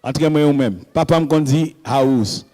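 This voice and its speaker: A man's voice: a little high, fast, warm tone, big-room sound. A man hosting an open mic night, joking with the crowd in stand-up banter. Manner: joking, playful.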